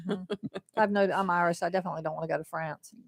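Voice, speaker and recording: A woman co-hosting a local radio show, reading the weather and chatting casually, with lots of quick agreeing interjections. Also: lowish voice, steady tone, gravelly, dry recording. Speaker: radio co-host doing the weather. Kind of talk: weather report and casual banter. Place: radio studio.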